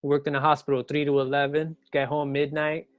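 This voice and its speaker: A middle-aged man from New York, a podcast guest in casual chat, telling animated, slangy stories. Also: brisk, no echo. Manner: animated storyteller, slangy, mimics people in high voices.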